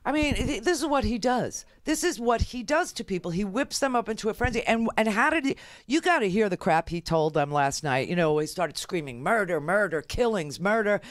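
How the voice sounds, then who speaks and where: An indignant middle-aged woman hosts a political talk show, piling on emphatic restarts and fillers. Her voice is smooth and resonant. The sound is close and dry. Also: mid-range voice, animated, a little fast, hardly any pauses, dry recording. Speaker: radio talk show host. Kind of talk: opinionated political commentary.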